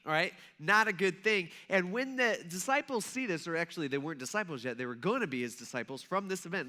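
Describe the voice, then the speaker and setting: A man's voice: sits high, pushed and bright. A male pastor giving a casual, conversational sermon. He tells the story loosely, acts out the voices of the people in it, and fills his speech with "kinda" and "like".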